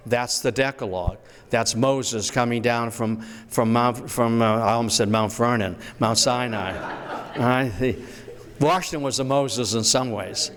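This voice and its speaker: A man giving a public history lecture in a storytelling manner, slowing down to recite quotations. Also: mid-range voice, fairly even intonation. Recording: echoey hall.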